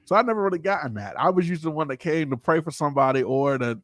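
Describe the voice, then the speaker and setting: A man and pastor telling a personal story casually, animated and informal, acting out the people he quotes. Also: fairly high pitch, fast, no echo, clean studio sound.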